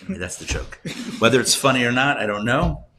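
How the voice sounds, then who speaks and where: A man, a rabbi, teaching a live class and telling jokes, talking in a conversational way, asking the audience questions and getting loud and animated when he makes a point. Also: mid-range voice, fairly quick, slight background noise. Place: classroom or synagogue hall, recorded live.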